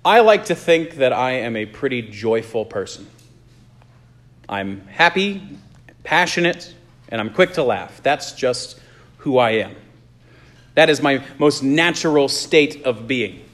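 A male pastor preaches in an earnest, storytelling way, his voice at an ordinary middle pitch. He slows down to let key phrases land. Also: expressive, a bit bright. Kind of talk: sermon.

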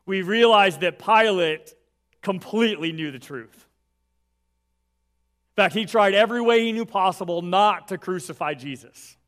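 Man, pastor, sermon, earnest, emphatic, "right" asides, slightly high-pitched. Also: a bit bright. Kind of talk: sermon with scripture reading.

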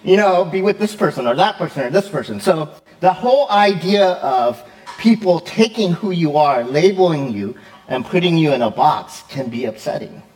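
A man preaching in a relaxed, talkative way, his voice sitting a little higher than most men's. He keeps checking in with his listeners, stumbles and restarts, and slips in plenty of fillers as he goes. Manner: lively, chatty, often checks in with "right?"; quick, with fillers and self-corrections. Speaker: pastor. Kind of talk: conversational sermon.

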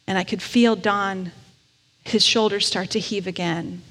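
A woman chaplain telling a personal story in a gentle storytelling sermon. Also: mid-range voice, fairly even intonation, unhurried. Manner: gentle storytelling, briefly emotional. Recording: long reverb of a large hall.

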